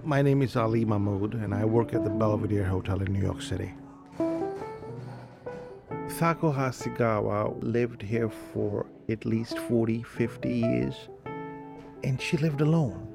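Gravelly-voiced man, reflective, music under. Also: on the low side, unhurried. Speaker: hotel worker. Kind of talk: documentary interview.

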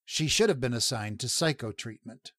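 A man's voice: mid-range voice, lively intonation, normal speed, a bit bright, dry recording. Brief: male reader doing a disapproving jail superintendent, icy, flustered, dry close sound. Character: cold, fussy male prison superintendent.

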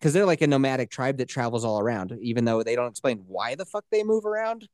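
A man hosting a casual podcast, telling stories in a profane, animated way and breaking into laughter. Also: medium pitch, quick pace, no room sound, clean studio sound. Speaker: podcast host.

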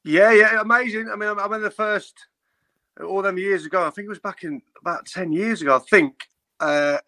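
Bright-voiced high man. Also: steady tone, brisk. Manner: laughing, rambling storyteller. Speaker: guest singer. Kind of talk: casual chat.

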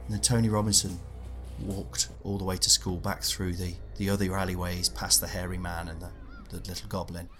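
A man telling a comic story in a meandering, deadpan way, stopping to add details he forgot. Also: low voice, brisk, faint music behind. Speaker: comedian guest.

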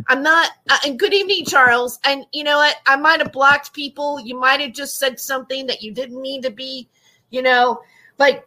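A woman's voice: sits high, moderate pace, bright, forceful tone. Upset young woman ranting on a stream. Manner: upset, rambling, repeats herself, greets chat viewers. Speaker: YouTube livestreamer. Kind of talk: emotional livestream rant to chat. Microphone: audio-only stream, no face shown.

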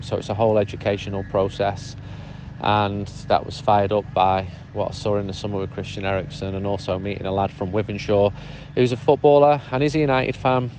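A man's voice: on the low side, background noise. A man giving a casual spoken update to a podcast, telling his story in a chatty, easygoing way. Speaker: podcast contributor sending a voice update.

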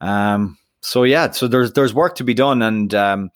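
A man's voice: fairly low pitch, a little slow, no room sound, studio quality. A man co-hosting a football podcast in casual chat, talking in loose bursts with restarts. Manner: chatty, lots of restarts and fillers. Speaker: podcast co-host.

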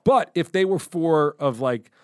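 A middle-aged man co-hosting a podcast, telling animated stories with free swearing and acting out his own lines. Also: on the high side, measured pace, clear, resonant tone, no echo, clean studio sound. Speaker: podcast co-host. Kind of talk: casual storytelling chat.

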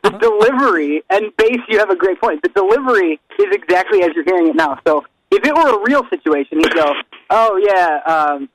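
A man's voice: sits high, lively intonation, fast talker. A man co-hosting a podcast in casual comedic chat, teasing and mimicking his friend's delivery. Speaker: podcast co-host. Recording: noisy podcast audio.

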